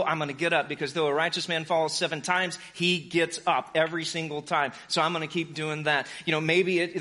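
A man preaching a sermon as pastor, passionate and urgent, swinging between fervent pleas and hushed, quiet lines. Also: a little high.

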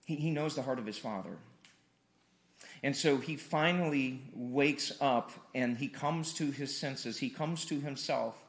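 A male pastor from Missouri, USA, preaches a conversational sermon in a church hall streamed online, repeating words to build emphasis. His voice is mid-range at a measured pace.

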